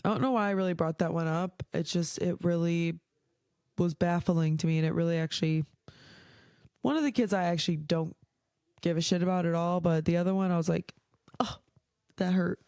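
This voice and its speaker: A young adult woman hosts a podcast, telling stories in a chatty way, swearing freely and leaning heavily on "like". Her voice is fairly low and dark, with fairly even intonation and a slightly fast pace. The sound is clean and studio quality, with no echo.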